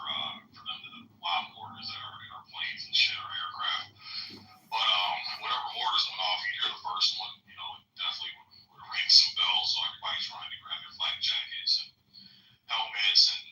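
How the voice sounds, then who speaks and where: Deep-voiced man, lively swings in pitch, profane casual storyteller, mic a bit far off. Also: reverberant, slight background noise. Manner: profane, rambling war stories with fillers.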